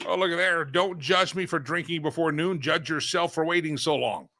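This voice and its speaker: A man's voice: on the high side, moderate pace, sharp tone, no room sound. A man hosting a political talk show, joking around and chanting sing-song catchphrases. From Colorado, USA.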